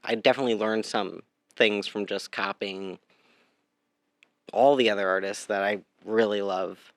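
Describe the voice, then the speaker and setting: A man's voice: fairly low pitch, fairly even intonation, normal speed, fairly bright tone, no room sound, clean studio sound. A man, a guest artist, answering interview questions in a thoughtful, hesitant way.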